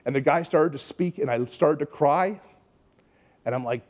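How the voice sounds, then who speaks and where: A man's voice: fairly high pitch, normal speed. A man from Canada preaching, telling a story and acting out the people in it. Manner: animated storytelling, acts out quoted voices. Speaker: pastor. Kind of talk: sermon storytelling.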